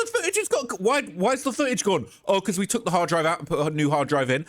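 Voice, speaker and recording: A man hosting a live stream, giving commentary in an indignant, sarcastic rant. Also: high voice.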